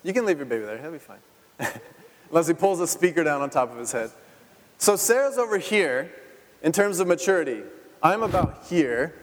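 A man in his thirties leads a sermon with an easy, conversational manner, often checking in with the congregation and laughing along. His voice sits high, and it carries into a long, ringing hall reverb. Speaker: pastor. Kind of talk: interactive sermon. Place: church sanctuary.

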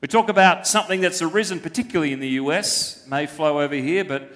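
High-voiced man preaching in a reverberant hall. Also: fast, fairly bright tone. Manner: emphatic, uses rhetorical questions. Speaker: pastor. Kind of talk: sermon. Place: church.

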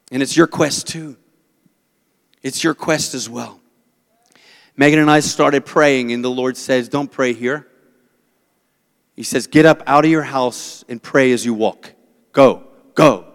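High-voiced preacher in an echoing hall. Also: male voice, gravelly. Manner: animated storytelling, acts out the people he quotes. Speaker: pastor. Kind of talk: sermon.

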